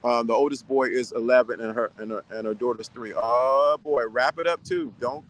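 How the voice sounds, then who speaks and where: A man's voice: medium pitch, moderate pace, low-quality recording. A man giving casual advice to viewers, talking sternly and repeating his points with lots of restarts. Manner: rambling with many restarts.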